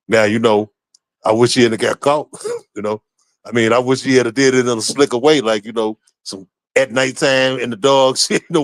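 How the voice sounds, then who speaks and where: A man co-hosts a talk radio show in a blunt, profane, conversational way, leaning on repeated filler phrases. His voice sits at a middle pitch and sounds dry and close, with no room echo. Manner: blunt, profane, repeats "you know what I'm saying". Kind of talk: casual opinion talk.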